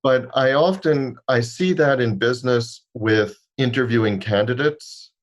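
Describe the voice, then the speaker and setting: A man's voice: mid-range voice, measured pace. A man co-hosting a podcast, telling stories in a wry, joking casual chat. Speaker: podcast co-host.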